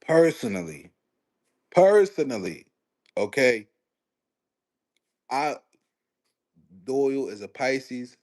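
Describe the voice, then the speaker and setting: A young man hosting a casual live stream, talking sports in a slangy, animated way and answering his chat. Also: medium pitch. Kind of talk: casual livestream sports commentary.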